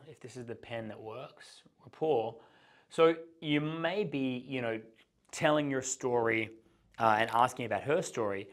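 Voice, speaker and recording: A man gives a dating-advice lesson at a whiteboard. His voice sits at an ordinary pitch for a man, and he delivers the teaching in an animated way, slipping into sample pickup lines as he explains. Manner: animated, acts out both sides of conversations. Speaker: dating coach.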